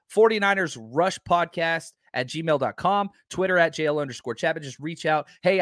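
A man hosting a casual live podcast, talking in a rambling, excitable way with lots of fillers. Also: a little high, dry recording, studio quality. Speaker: podcast host.

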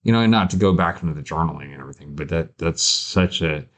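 Male podcast host, lower voice, relaxed profane banter. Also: fast talker. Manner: laid-back, profane, says "man" and "you know". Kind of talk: casual chat.

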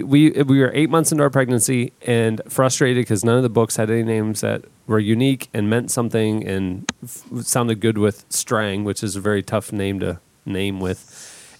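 A man's voice: fairly low pitch, steady tone, darkish tone, no echo. Rambling man hosting a podcast. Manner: rambling, halting, full of restarts. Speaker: podcast host. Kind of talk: casual chat.

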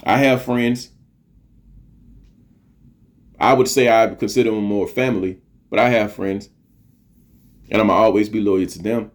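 A man's voice: lowish voice, steady tone, measured pace, pauses often. A middle-aged man hosting a podcast, giving an earnest, preachy motivational monologue, repeating phrases for emphasis and swearing casually. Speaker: podcast host.

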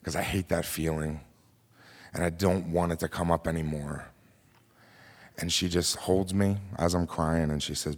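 A man's voice: sits low, fairly even intonation, moderate pace, long pauses. A man telling a dramatic personal story on a theater stage, then hosting and introducing the next storyteller. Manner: intense, dramatic, acts out quotes. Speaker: host and storyteller. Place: theater stage before a live audience.

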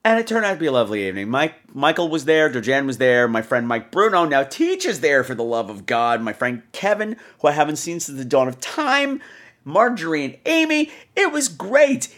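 A man hosting a podcast, telling a story in a theatrical, animated way, full of crude jokes and acted-out voices. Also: moderate pace. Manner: acts out quoted people in higher voices. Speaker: podcast host. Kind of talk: casual storytelling.

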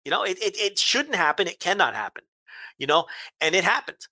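A man's voice: sits high, sing-song, brisk, bright, forceful tone, no room sound. A man co-hosting a casual chat, ranting heatedly with profanity and emphatic repeats. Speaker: podcast co-host.

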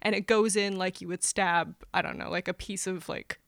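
A woman's voice: fairly low pitch, steady tone, normal speed, dry recording, studio quality. A woman on a podcast, laughing often as she explains a film's plot in casual chat. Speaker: podcast co-host. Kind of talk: casual movie recap chat.

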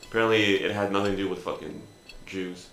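A man's voice: low voice, fairly even intonation, fast talker, fairly bright tone, roomy sound, slight background noise. A man co-hosting a podcast, rambling in a conspiratorial, filler-heavy way. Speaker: podcast co-host. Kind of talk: casual chat.

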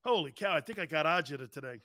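A man hosting a sports talk show, telling rambling, profane stories in a loud, brash way. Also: a little high, expressive, quick pace, dry recording, clean studio sound. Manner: loud, brash, profane storytelling with acted-out quotes.

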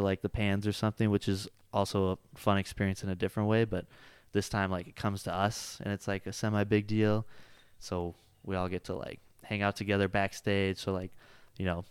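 A man talks in a loose, rambling way, stacking his sentences with "like" and "you know." His voice is low-set, smooth and resonant. The recording is close and dry, with no room sound. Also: dry recording. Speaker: jiu-jitsu coach and gym owner. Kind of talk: casual chat.

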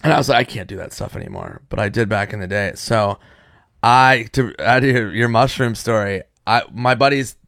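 A man's voice: fairly low pitch, moderate pace, creaky, no room sound, studio quality. A young man from Minnesota co-hosting a podcast, telling a wild story in casual, profane chat. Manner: animated, profane, laughing storyteller. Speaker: podcast co-host.

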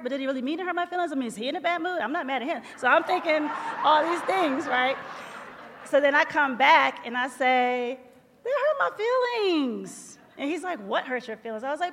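A woman with a high voice tells her side of a story on a live podcast in a playful, laughing way. Her voice rings with hall reverb over a faint hum of room noise. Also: fairly bright tone. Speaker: podcast co-host. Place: live tour venue.

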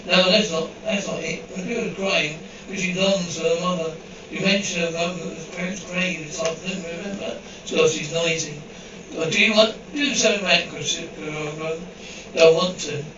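A man's voice: on the high side, steady tone, normal speed, few pauses, reverberant, distant mic, muffled recording, noisy background. A man reading an episode script aloud, voicing the dialogue and the sound cues in the same evenly paced voice. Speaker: script reader.

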